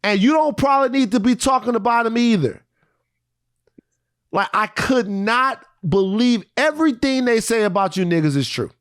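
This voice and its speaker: A man's voice: very high voice, lively intonation, normal speed, clear, resonant tone, no room sound, studio quality. A man co-hosting a podcast, talking in heated casual chat with impassioned emphasis and repeated phrases. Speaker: podcast co-host.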